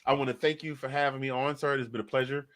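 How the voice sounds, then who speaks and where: A man with a mid-pitched voice sits in as a guest on a casual sports podcast. He tells his stories with animation and slips into impressions of the people in them. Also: fast. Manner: animated storyteller, mimics voices in anecdotes.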